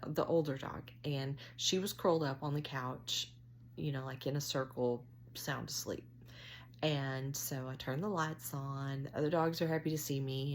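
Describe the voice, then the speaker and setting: A middle-aged woman, chatting to camera as she tells a story on herself, with drawn-out, self-mocking phrasing. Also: sits low, slight background noise. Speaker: vlogger.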